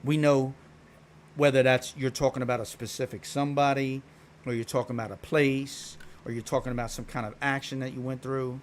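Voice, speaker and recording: Man, Philadelphia accent, streamer, casual slangy chat into a mic, middle-pitched voice. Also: little pitch movement, a little fast, a little hiss or hum. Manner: slangy, laid-back, explanatory, swears casually. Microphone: streaming microphone.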